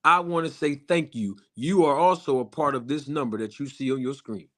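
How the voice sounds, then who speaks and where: A man hosting a boxing channel's live stream, speaking emphatically and repetitively straight to his viewers, slowing down to stress his points. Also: medium pitch, fairly bright tone. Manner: slows down for emphasis on key lines. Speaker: boxing YouTube channel host.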